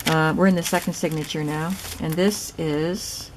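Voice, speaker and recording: A woman casually narrating a show-and-tell of a handmade journal, soft, chatty and admiring as she thinks aloud. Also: deep voice, steady tone, normal speed, noisy background. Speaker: craft vlogger showing a gifted journal.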